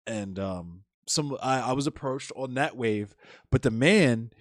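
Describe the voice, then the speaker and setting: A man's voice: animated, a little slow, dry recording, studio quality. A man on a casual panel, telling a story in a laid-back, slangy way. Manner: laid-back, slangy, drops low for quoted voices. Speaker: panel guest.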